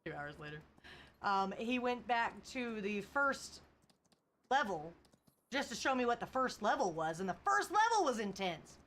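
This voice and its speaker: A woman's voice: on the high side, very animated, a little slow, fairly bright tone, a little hiss or hum. A young woman chatting casually on a livestream, laughing often and reading chat aloud. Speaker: streamer.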